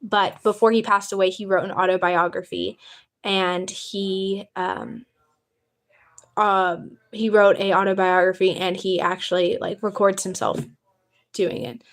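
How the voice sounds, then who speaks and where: A woman's voice: medium pitch, level tone, a little slow. Chatty young woman livestreaming on her phone. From United States. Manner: chatty, eager, reads out chat questions. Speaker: livestream host. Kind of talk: casual livestream chat.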